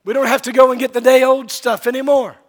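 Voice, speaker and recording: A man voicing a greedy crowd that loudly demands more free bread. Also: extremely high pitch, level tone, pitched above the performer's own voice. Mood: demanding. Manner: loud, whiny, rushed.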